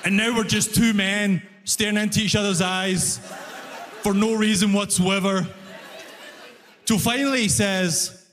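High-voiced man doing animated stand-up. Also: a little slow, long pauses, big-room sound. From immigrant to Canada. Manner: animated storytelling, acts out voices. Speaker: stand-up comedian. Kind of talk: stand-up routine.

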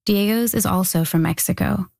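A woman's voice: mid-range voice, moderate pace, gravelly, a little mellow, no room sound. Woman narrating a news feature. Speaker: reporter.

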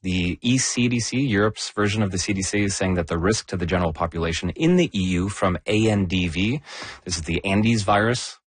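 A man with a low, slightly husky voice hosts a science podcast and explains the news in a measured, conversational way. He stresses key words as he goes. The sound is close and dry. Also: expressive, no room sound. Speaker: podcast host.

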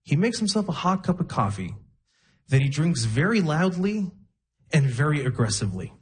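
A young man performing a stand-up comedy set, telling stories deadpan and laughing at his own jokes. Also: on the high side, normal speed. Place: comedy club stage with audience.

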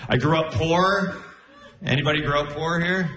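Young male stand-up comic, animated, bright and a little high, echoey club room. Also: normal speed. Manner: animated, incredulous, playful. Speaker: stand-up comedian. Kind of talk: stand-up comedy set. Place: comedy club stage.

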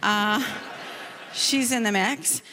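A woman comedian performing a stand-up set on stage, telling a story in a lively, conversational way. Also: medium pitch, slow, in a large hall, a little hiss or hum.

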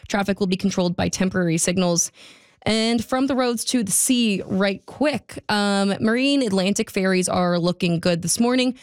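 A woman's voice: mid-range voice, moderate pace, no room sound. A woman giving a radio road and traffic report in a studio, chatty with wry, sarcastic asides. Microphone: studio microphone.

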